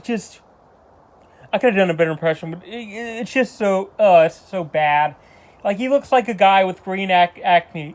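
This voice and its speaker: A movie reviewer ranting casually, exasperated and rambling with lots of restarts. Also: mid-range voice. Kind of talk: casual spoken film review.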